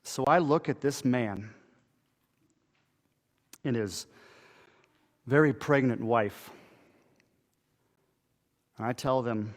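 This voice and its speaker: A pastor delivering a dramatic first-person monologue during a church service, telling it in a conversational way with halting pauses and restarts. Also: male voice, mid-range voice. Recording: echoey hall with long reverb.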